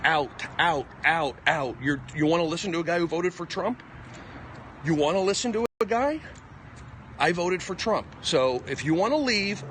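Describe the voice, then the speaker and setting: A male comedian ranting in a rambling live stream monologue, combative, with jumpy pitch, recorded on a phone outdoors on a city walk. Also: a bit bright, slight background noise. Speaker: comedian livestreaming. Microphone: phone at arm's length.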